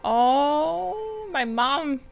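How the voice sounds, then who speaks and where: A woman's voice: high voice, animated, very slow, gravelly, faint music behind. A woman streamer giving casual, chatty commentary while she plays and eats. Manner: chatty, giggly, eating while talking. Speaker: streamer playing a game.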